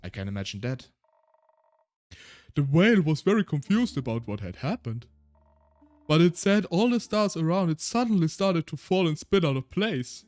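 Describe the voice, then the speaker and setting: A man's voice: fairly high pitch, sing-song, normal speed, darkish tone, soft background music. A man streaming a game, chatting casually and reading its text aloud, laughing often and tripping over his words.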